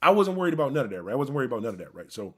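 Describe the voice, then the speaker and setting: A husky, medium-pitched voice races along as a Buffalo, New York man hosts a live stream. In a casual storytelling style, he rambles through a personal story full of profanity, animated and talking directly to his audience.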